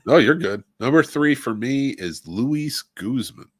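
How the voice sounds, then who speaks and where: A man co-hosts a film podcast, his mid-range voice lively in intonation and measured in pace. Enthusiastic, he runs through lists and keeps pausing on "uh." The studio sound is clean, with no room noise.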